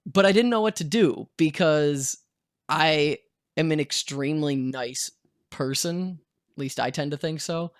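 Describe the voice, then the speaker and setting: A man's voice: fairly high pitch, measured pace, no echo, studio quality. A young man telling a story in a casual storytime vlog, acting out what people said. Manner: casual storytelling, acts out quotes. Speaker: vlogger.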